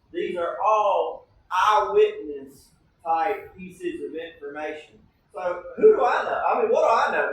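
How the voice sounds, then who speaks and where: Preacher in an echoey church hall. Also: male voice, high voice, a bit bright, distant mic, a little hiss or hum. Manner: conversational teaching, often asks the congregation "right?". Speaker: pastor. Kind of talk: sermon. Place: church sanctuary.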